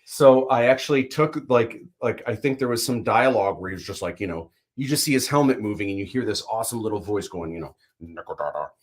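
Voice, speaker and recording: A man hosting a livestream, chatting casually and animatedly, telling stories and acting out quick bits. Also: medium pitch. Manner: animated storyteller, acts out little voices. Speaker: livestream host. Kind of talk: casual chat.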